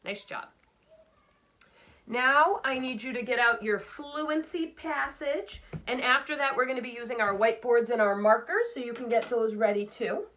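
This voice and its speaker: A woman teacher giving a recorded phonics lesson for children, slowly sounding out letters and words. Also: on the high side, a bit bright, dull audio, slight background noise.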